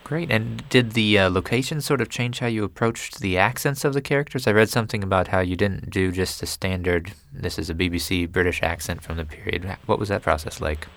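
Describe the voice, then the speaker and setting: A man's voice: deep voice, fairly quick, few pauses, fairly bright tone. A man interviewing a film director, asking eager, complimentary questions.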